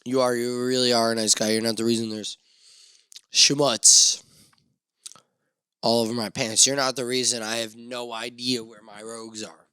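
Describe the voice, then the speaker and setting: A man hosting a solo podcast, rambling and swearing through self-mocking rants with sudden loud outbursts into a studio mic. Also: mid-range voice, level tone, brisk, few pauses, smooth, no echo. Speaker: podcast host.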